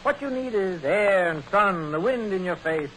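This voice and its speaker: An actor playing a smooth, hearty society man who coaxes others along, in 1940s radio acting. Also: high voice, lively intonation, normal speed, a bit bright, a little hiss or hum, rough recording. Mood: genial. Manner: hearty, persuasive. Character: smooth society nightclub backer, genial. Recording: old radio broadcast with crowd murmur.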